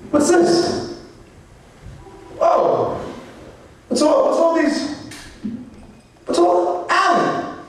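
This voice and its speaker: Comic bit: a frantic, high-voiced nagging inventor, heard distant in an echoey room. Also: male voice, steady tone, drawn-out words, long pauses, full character voice. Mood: exasperated whining. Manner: high-pitched, exasperated, nagging. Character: frazzled whiny man, the vacuum cleaner's inventor.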